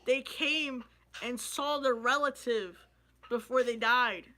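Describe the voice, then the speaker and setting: A man's voice: extremely high pitch, takes it slowly, bright, forceful tone. A young man vlogging in an emotional, rambling way, swearing freely as he talks about loss and his dreams. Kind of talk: emotional casual vlog talk.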